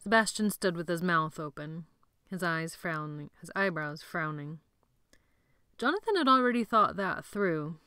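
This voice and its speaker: A woman narrating an audiobook chapter in steady, measured storytelling. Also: on the low side, clear, resonant tone, no echo, studio quality.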